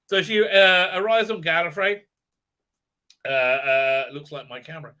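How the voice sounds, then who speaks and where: A man's voice: high-pitched, unhurried, pushed and bright. A man hosting a livestream, ranting sarcastically and checking in with "right?" between his many fillers. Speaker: host. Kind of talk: livestream commentary rant.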